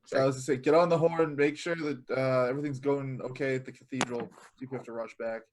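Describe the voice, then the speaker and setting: A man's voice: mid-range voice, fairly even intonation, fast, a little hiss or hum. A man playing a tabletop game, talking in a casual, rambling way. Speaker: player.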